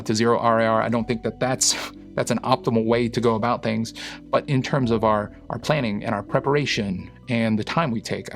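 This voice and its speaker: A man, a psychologist, talking through a clip in a casual explanatory way with lots of fillers. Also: mid-range voice. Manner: explanatory, uses fillers and analogies. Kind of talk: reaction commentary.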